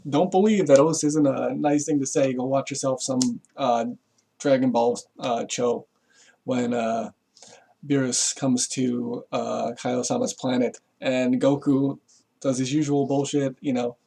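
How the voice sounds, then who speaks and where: A man's voice: medium pitch, fairly even intonation, a little slow, gravelly, mellow, slight background noise. A man giving a rambling, casual explanation to camera, full of fillers and swearing, chuckling as he goes. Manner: rambling, profane, chuckles often, lots of fillers. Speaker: vlogger.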